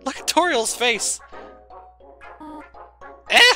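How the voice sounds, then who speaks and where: A man hosts a gaming video, joking and giggling as he talks back to the screen. His voice swings widely in pitch and has a bright tone. Faint game music plays underneath. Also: very animated, slow, pauses often. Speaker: gaming channel host. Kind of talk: let's play commentary.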